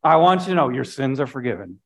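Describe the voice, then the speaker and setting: A man's voice: mid-range voice, sing-song, quick pace, vocal fry, a bit bright. A man, a pastor, preaching a sermon earnestly, often repeating phrases and dropping his voice for emphasis.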